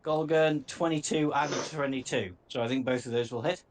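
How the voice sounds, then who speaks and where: A man running a tabletop game as game master, easygoing and quick to murmur acknowledgements. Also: a little high, slight background noise.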